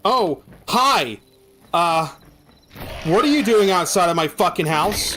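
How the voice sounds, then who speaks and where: A man streaming a game live, swearing often and shouting at monsters, with dry joking asides in between. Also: sits high, animated, slow, long pauses, slight background noise. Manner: exasperated, swears a lot, yells at game monsters. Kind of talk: live gameplay commentary.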